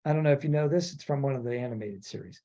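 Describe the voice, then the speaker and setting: A man's voice: medium pitch, very fast. Rambling man hosting a podcast, lo-fi. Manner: rambling, animated, acts out quotes. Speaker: podcast host. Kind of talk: casual chat. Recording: dull lo-fi audio.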